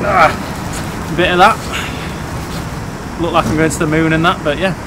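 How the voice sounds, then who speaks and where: A man's voice: on the high side, steady tone, normal speed, noisy background. A man hosting a casual travel vlog outdoors, talking in a joking, cheeky banter. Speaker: vlog host. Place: outdoors, riding a bike through town. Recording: background music under the voice.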